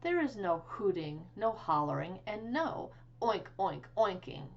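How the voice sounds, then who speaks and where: A woman's voice: medium pitch, big pitch swings, unhurried, dull audio. A woman voicing a fussy, strict older male farmer in a storybook read-aloud, with a bold, exaggerated delivery. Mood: stern.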